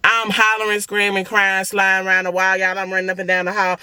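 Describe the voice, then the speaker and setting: A young woman, telling viewers an emotional personal story in a blunt, animated, profane way. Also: medium pitch, fast, hardly any pauses, smooth, no echo, clean studio sound. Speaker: family vlogger.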